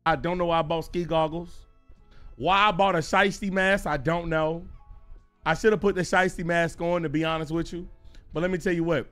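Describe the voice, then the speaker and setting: A young man with a high voice spins a casual livestream story, animated and full of cursing. Faint music plays behind him while he talks. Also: moderate pace. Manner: animated, profane, excitable storytelling. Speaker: streamer.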